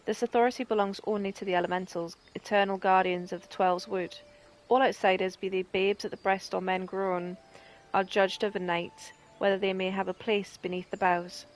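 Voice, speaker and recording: A woman's voice: medium pitch, flat delivery, normal speed, close to an everyday voice. Northern woman voicing a stately healer lady in a game, solemn and formal. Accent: Northern English.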